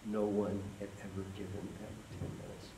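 Here a man gives a motivational keynote at a moderate pace, his lowish voice staying monotone as he leads the audience in call and response. He's in a conference hall, captured by a distant mic amid echo and faint noise.

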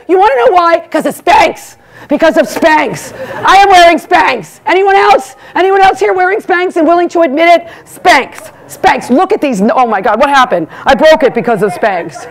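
A woman with a high-pitched voice delivers a stand-up monologue into a stage mic. She is brassy and self-mocking, swinging from chatty asides into loud, animated rants. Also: normal speed. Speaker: comedian hosting an awards event. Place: live event stage before an audience.

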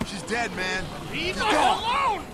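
Frantic survivor in a game, high voice, yelling and begging, loud crowd noise behind. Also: male voice, wildly swooping pitch, slow, exaggerated voice. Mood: frantic grief. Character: desperate middle-aged man shouting in grief.

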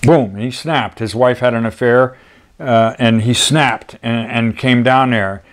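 A man's voice: medium pitch, fairly even intonation, measured pace. An older man, a documentary photographer, talking casually through his photographs with rambling, folksy asides. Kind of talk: storytelling slideshow talk.

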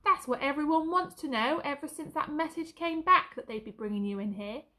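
A woman voicing a kind young soldier who talks softly and coaxingly to a horse. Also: sits high, fairly quick. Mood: gentle. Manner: soft, coaxing.

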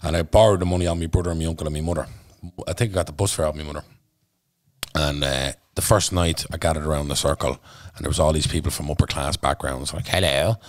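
A man's voice: very deep voice, fairly even intonation, fast talker, no room sound. A man with a Dublin accent, a podcast guest telling his story bluntly and intensely, swearing freely. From Ireland. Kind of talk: candid storytelling in conversation.

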